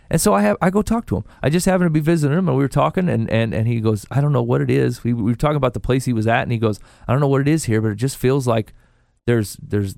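A man on a faith podcast, chatting casually and telling stories with animated quoted asides. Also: mid-range voice, vocal fry, no echo, studio quality. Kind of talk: casual chat about faith.

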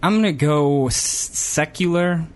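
A man's voice: a little high, a little slow. Man giving brief, dry quiz answers. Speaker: panelist. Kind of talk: casual quiz banter.

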